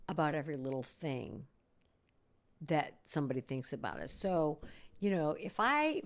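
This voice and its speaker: A middle-aged woman hosting a podcast, talking casually and acting out worried inner voices. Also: fairly low pitch. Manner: animated, acts out inner voices. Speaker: podcast host, psychologist.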